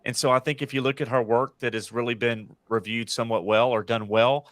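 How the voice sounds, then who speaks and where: A man's voice: medium pitch, fairly even intonation, fairly quick, fairly bright tone, no room sound. Opinionated American man, dry close mic. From United States. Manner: rambling, self-correcting, opinionated. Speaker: podcast host. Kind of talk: casual panel chat.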